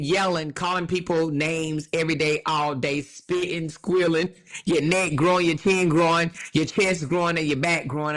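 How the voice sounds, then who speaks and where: A woman's voice: on the low side, fairly bright tone. A woman hosts a casual livestream in an emphatic, repetitive way. She laughs often and drags out her words to hammer home each point. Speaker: livestream commentary host.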